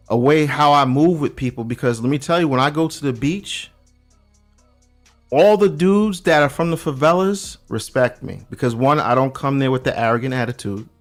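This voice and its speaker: Animated New man telling stories. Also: a little high. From Brooklyn, New York. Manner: animated storyteller, street slang, restarts a lot. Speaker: guest checking in from abroad. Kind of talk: casual podcast chat.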